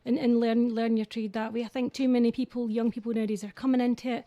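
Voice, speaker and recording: Scottish singer guest, chatty and self-mocking, mellow higher voice, dry studio sound. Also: female voice, flat delivery, quick pace, dry recording, dull audio. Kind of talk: casual radio interview.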